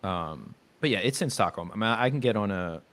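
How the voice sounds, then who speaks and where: A man in his thirties talks casually into a home mic on a video call. His voice is very low. He rambles in a hesitant way, often stopping to correct himself. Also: animated, brisk, fairly bright tone. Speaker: stream host. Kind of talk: casual chat.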